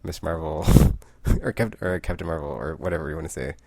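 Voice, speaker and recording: A man's voice: very deep voice, a little fast, creaky, a little mellow, no room sound. A man casually recapping a comic book, rambling with lots of "like" and frequent self-corrections.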